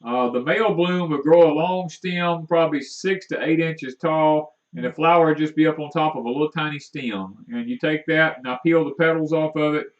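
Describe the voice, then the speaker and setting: Folksy man gardening on a live stream. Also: fairly high pitch. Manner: folksy, rambling, halting with many fillers. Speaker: homestead livestream co-host. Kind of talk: casual live-stream chat. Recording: distant mic, dull muffled sound.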